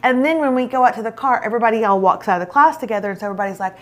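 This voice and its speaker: A woman's voice: a little high, racing, hardly any pauses. A middle-aged woman, hosting a show and telling a self-mocking story in casual chat. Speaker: show host.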